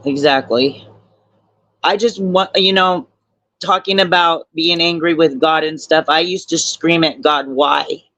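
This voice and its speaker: A man's voice: on the high side, steady tone, measured pace, pushed and bright, dry recording. An older man speaking as a guest on a live stream, blunt, heartfelt and swearing. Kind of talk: emotional live stream discussion.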